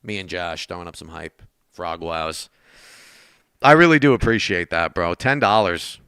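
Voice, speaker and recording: A man's voice: low-pitched, normal speed, pushed and bright, clear, resonant tone, no echo, studio quality. A man streaming a game and chatting casually with his viewers, thanking donors and talking straight to chat from his desk.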